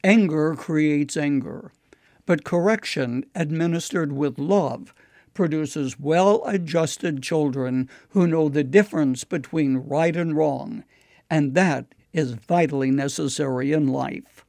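A man with a somewhat high, gravelly voice delivering a scripted inspirational radio talk. His tone is measured and earnest, like a teacher. The recording is close and dry. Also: a little mellow, dry recording. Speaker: radio devotional speaker.

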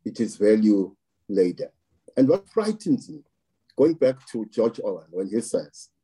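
A man giving measured political commentary, slow and deliberate, stressing words through repetition. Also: lowish voice, sing-song, dark tone, slightly rough. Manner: slow, deliberate, emphatic with repeated phrasing.

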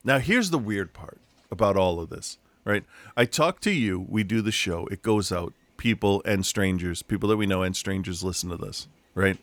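Low-pitched and expressive, this middle-aged podcast co-host talks at a moderate pace with hardly any pauses, recorded dry in his home room. His casual stories ramble, packed with restarts and laughs.

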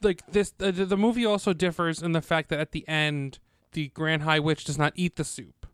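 A man chatting casually about a movie, animated and acting out his own reactions. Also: on the high side, moderate pace, clean tone, no room sound, clean studio sound. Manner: animated, acts out reactions in quotes. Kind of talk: casual chat about a film.

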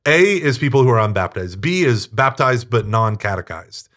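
A man being interviewed, telling stories in a talkative, animated way and acting out quoted speech. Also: medium pitch, moderate pace. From United States. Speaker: interview guest, Catholic teacher. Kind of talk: casual storytelling interview.

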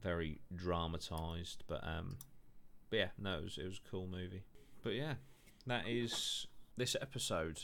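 A man's voice: deep voice, a little slow, vocal fry, a bit bright. A man hosting a podcast, telling stories in loose casual chat, full of fillers and swearing. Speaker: podcast host.

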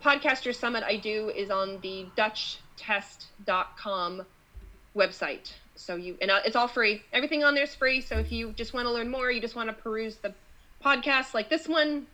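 A bright-voiced woman doctor, a guest on a podcast over a call, with a somewhat high voice. She talks in an animated way and often restarts her sentences mid-thought. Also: moderate pace, rough recording. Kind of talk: casual interview chat.

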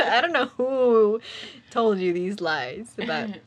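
A woman's voice: mid-range voice, takes it slowly. A woman hosting a podcast, chatting casually with a dry, sarcastic humor and frequent laughter. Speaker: podcast host.

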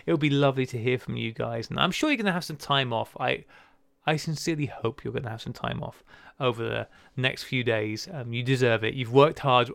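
A man co-hosting a podcast, thanking listeners in a relaxed, friendly chat. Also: medium pitch, fairly quick, creaky, no room sound. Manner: warm sign-off, thanking listeners. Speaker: podcast co-host. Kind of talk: casual chat.

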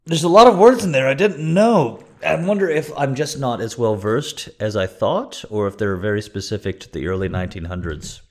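A livestream host with a mid-range, slightly mellow voice speaks at normal speed with lively intonation and few pauses. He reads patron requests and rambles casually, joking and swearing as he thanks supporters.

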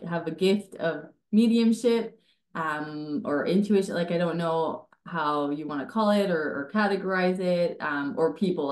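A woman's voice: lowish voice, reverberant. A woman hosting a podcast asks long, rambling questions full of "like" and "um". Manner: chatty, lots of "like" and "um", rambling questions. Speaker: podcast host. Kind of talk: casual podcast interview.

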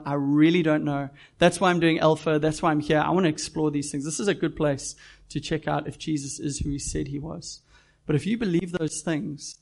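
A man's voice: a little high, vocal fry, darkish tone. A pastor preaching a sermon to his church, earnest and direct, putting questions to the congregation.

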